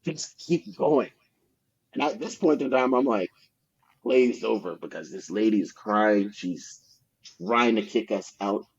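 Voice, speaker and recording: A man with a very low, husky voice rambles through his sales stories as a podcast guest, casual and profane, full of fillers. The recording sounds dull and lo-fi. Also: a little slow. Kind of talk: casual anecdotal storytelling.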